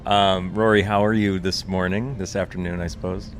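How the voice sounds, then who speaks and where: A man's voice: sits low, steady tone, moderate pace. A man hosting a podcast from a ship's lounge, chatty and friendly. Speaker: podcast host. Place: lounge of a research ship at sea. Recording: hum of ship engines behind. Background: ship engine hum, faint music.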